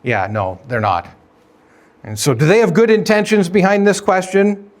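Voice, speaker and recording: A man with a slightly higher-pitched voice preaches a sermon in an easy, conversational way. He keeps asking his listeners questions and lifts his voice to play out the quoted dialogue. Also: expressive, moderate pace. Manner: conversational, asks the congregation questions. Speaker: pastor.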